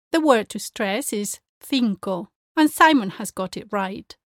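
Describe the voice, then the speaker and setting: A woman language teacher giving a pronunciation lesson, speaking clearly and carefully as she demonstrates sounds. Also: a little high, lively intonation, unhurried, hardly any pauses, no room sound, studio quality.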